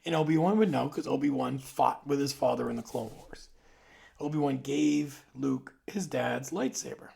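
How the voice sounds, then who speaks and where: A man in his forties talking casually to camera, rambling and conversational, sometimes dropping into soft asides. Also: medium pitch, fairly even intonation, normal speed, vocal fry. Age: 40s. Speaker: video host. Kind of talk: casual monologue.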